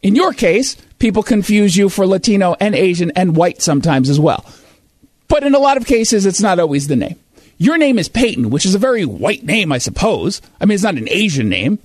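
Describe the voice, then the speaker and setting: A man's voice: high voice, big pitch swings, fairly quick, no echo. A man hosting a talk show, reading quotes and reacting with sarcastic, emphatic commentary.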